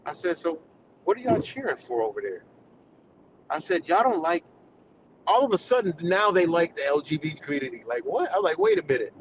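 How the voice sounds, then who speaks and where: A man's voice: fairly high pitch, sing-song, fairly quick, a little hiss or hum, rough recording. A man from the United States on a live stream, delivering a heated, profane, rambling rant.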